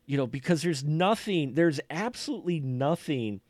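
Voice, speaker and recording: A man's voice: on the high side, lively intonation, moderate pace, a little mellow, no room sound. A man co-hosting a podcast in casual film review chat, rambling and often restarting and repeating his words. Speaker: podcast co-host.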